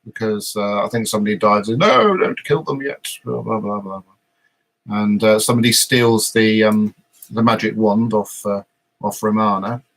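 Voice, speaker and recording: A man's voice: lowish voice, little pitch movement, moderate pace. A man hosting a casual live podcast, recapping an episode in a meandering way with frequent hesitations. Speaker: podcast host.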